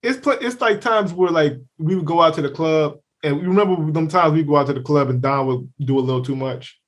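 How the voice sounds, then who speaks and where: A man co-hosting a podcast in casual chat, animated and profane, acting out quoted people in funny voices. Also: a little high, brisk. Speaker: podcast co-host.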